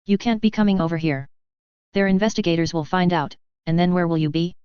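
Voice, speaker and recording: A gruff, short-tempered shop boss, blunt and swearing, in a low, clean voice, as a woman narrator plays him. Dry, close audiobook sound with a dull edge. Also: brisk, no room sound, natural voice. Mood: annoyed. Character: gruff, exasperated male shop owner.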